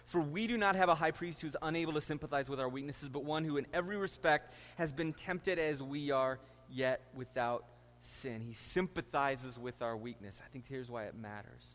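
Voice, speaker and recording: A man's voice: mid-range voice, moderate pace, fairly bright tone, in a large hall. A middle-aged man, a pastor, preaching a sermon and telling stories with rising, emphatic delivery. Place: church sanctuary.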